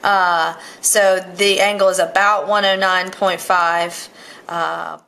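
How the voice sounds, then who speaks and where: Bright-voiced woman teaching chemistry. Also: fairly low pitch, takes it slowly, vocal fry. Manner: steady, step-by-step, with frequent "all right" checks. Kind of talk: explaining with a model.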